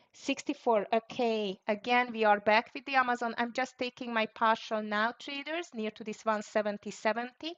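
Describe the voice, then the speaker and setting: A woman's voice: on the high side, fairly bright tone. Woman narrating her live stock trades. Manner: running commentary on trades, frequent fillers and sighs of disappointment. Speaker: day-trading livestream host. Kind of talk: live trading commentary. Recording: dull lo-fi stream audio.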